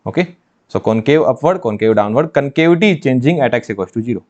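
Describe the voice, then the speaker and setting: Fast emphatic math teacher. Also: male voice, mid-range voice, animated, darkish tone. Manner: emphatic, repeats phrases, asks rhetorical questions. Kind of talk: online exam-prep lecture. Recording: dull lo-fi sound.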